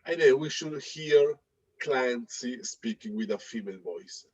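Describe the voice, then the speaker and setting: A man presenting a live software demo, talking in a hesitant way with many fillers and restarts. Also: medium pitch, unhurried, slightly rough, no echo, low-quality recording. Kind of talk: live tech demo talk.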